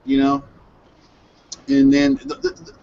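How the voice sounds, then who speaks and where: A man hosting an online hangout, excitedly recapping an anime episode in a rambling, self-correcting way over a headset mic on a video call. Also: very high voice, takes it slowly, vocal fry, dull audio, a little hiss or hum. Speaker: hangout host reviewing anime. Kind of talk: casual group hangout chat.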